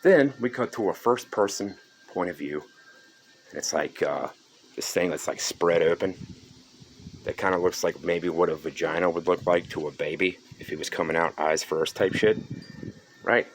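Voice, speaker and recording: A man's voice: deep voice, normal speed, a little hiss or hum. A young man casually ranting through a horror movie review, profane, sarcastic and exasperated.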